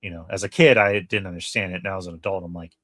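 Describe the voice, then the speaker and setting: A man's voice: low voice, fairly even intonation, fast talker, fairly bright tone, no echo. A man hosting a casual podcast, rambling along with plenty of fillers and restarts. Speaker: podcast host.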